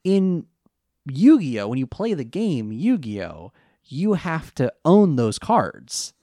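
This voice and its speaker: A man co-hosting a podcast in casual chat, recapping an episode in a rambling, hesitant way and jumping up in pitch on excited questions. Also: slow pace, dry recording, clean studio sound. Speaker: podcast co-host recapping an anime.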